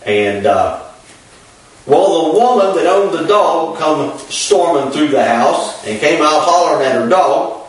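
A man, preaching as he tells a personal story in a folksy, unhurried way with many fillers. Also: on the high side, expressive. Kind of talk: storytelling sermon. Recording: echoey, far from the mic.

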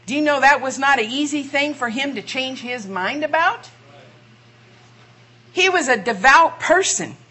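A woman's voice: high voice, sharp tone. A woman preaching a sermon, asking rhetorical questions and drawing out key phrases for emphasis.

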